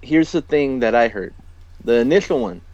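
A man's voice: mid-range voice, animated, normal speed, darkish tone, dry recording. A man chatting casually as a podcast co-host, insistently arguing his point. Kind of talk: casual chat. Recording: dry, dull lo-fi mic.

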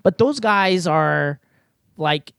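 A man's voice: a little high, lively intonation, very slow, vocal fry, fairly bright tone, clear, resonant tone, no echo. Chatty man explaining a game. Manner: explains at length, lots of "like" and "you know". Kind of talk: casual gaming chat.

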